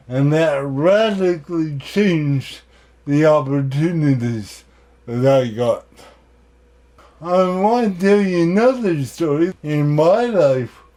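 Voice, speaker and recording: A man giving a keynote talk, telling personal stories in a deliberate way with self-deprecating humor. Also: a little high, darkish tone. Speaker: keynote speaker.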